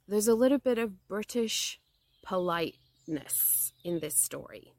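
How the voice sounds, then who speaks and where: A woman podcast host reading a children's story aloud, gentle and expressive. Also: on the low side, no echo. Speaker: podcast host and English teacher.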